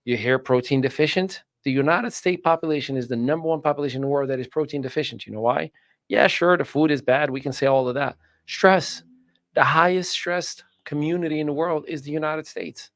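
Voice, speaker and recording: A man's voice: fairly high pitch, fairly quick, no room sound. Guy hosting a self-help chat, tells stories and does everybody's voices, dry close sound. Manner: animated storyteller, acts out quoted voices. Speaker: host, personal growth speaker. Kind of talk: casual chat.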